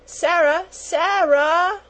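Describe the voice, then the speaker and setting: A small spoiled girl wails and whimpers in a high, childish voice, put on by a woman reading a storybook aloud. She sounds forever on the edge of tears. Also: drawn-out words, fairly bright tone, exaggerated voice. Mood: wailing.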